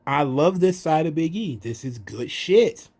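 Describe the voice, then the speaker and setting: A man's voice: a little high, measured pace. A man giving a casual, profane wrestling recap, acting out the wrestlers' lines in raised voices. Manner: animated, profane, acts out quotes in raised voices. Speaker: wrestling commentary podcaster.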